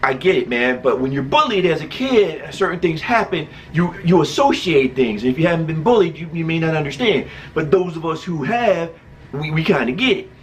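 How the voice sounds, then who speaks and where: A man's voice: fairly high pitch, animated, normal speed, slight background noise. A man casually telling a personal story, laughing often and acting out other people's voices.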